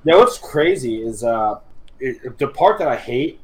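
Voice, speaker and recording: A man's voice: medium pitch, lively intonation, measured pace, crowd noise, rough recording. A man co-hosting a podcast in casual comedic chat, rambling and swearing as he riffs on absurd ideas. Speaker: podcast co-host.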